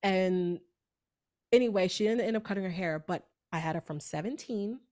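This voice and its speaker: Animated New York woman telling stories. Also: medium pitch, moderate pace. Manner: animated storyteller, acts out voices. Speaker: guest, beauty industry coach. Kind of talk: podcast interview storytelling.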